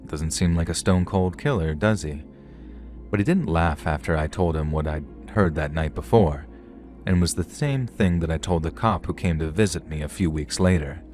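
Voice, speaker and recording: A man reading horror stories aloud in a steady, even storytelling manner. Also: low voice. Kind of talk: scripted horror story narration.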